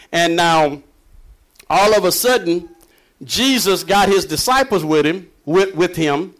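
Reading scripture aloud, a man preaches a conversational sermon and explains it in a folksy way, chuckling often between points. His voice is high.

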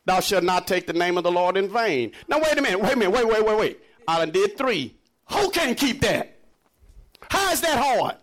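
A man with a high, very lively voice preaches a sermon. He drops low and then climbs into high shouts, laughing and joking with his congregation along the way. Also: moderate pace. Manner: animated preaching, swinging between low murmurs and high shouts. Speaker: pastor.

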